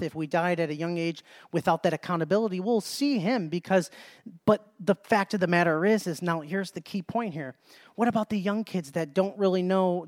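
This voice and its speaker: A man's voice: sits high, no room sound, studio quality. A man preaching a Bible study sermon in an emphatic way, often repeating phrases and restarting mid-sentence.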